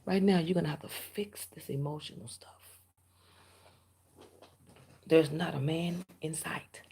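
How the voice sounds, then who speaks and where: A woman tarot reader speaks straight to her viewers on camera, giving a blunt, preachy reading and often slipping into half-whispers. Her voice is low, mellow and a little slow, with a very husky, gravelly quality.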